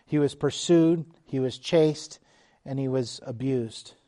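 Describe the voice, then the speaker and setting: A middle-aged man delivers a sermon in a mellow, darker voice. He preaches slowly and emphatically, pressing on key words and then falling to a hushed, quiet tone. His pitch sits in an ordinary middle range. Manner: slow, emphatic preaching with sudden drops to quiet. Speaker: pastor.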